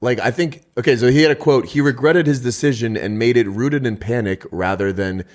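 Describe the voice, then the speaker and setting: Upbeat male podcast host. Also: mid-range voice. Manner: upbeat, quick, laughs often. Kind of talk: casual comedy podcast chat.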